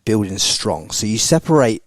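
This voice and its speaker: A man hosting a casual podcast interview, blunt and energetic, swearing freely. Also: fairly low pitch, moderate pace, no echo. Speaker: podcast host.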